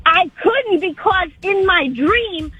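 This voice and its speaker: A woman's voice: very high-pitched, expressive, slow pace, no room sound, narrow, tinny audio. A woman calling in to a radio show, telling a dramatic true story in an earnest way. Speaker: caller.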